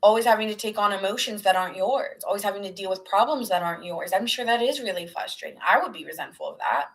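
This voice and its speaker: A woman's voice: medium pitch, fast talker, rough recording. A woman giving a casual tarot reading, earnest and rambling, sometimes dropping into whispered asides. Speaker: tarot reader.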